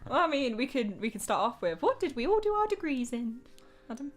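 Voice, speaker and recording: A woman's voice: high-pitched, sing-song, a little fast, crowd noise. A young woman co-hosting a casual podcast, friendly and giggly, explaining things in a chatty way. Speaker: co-host.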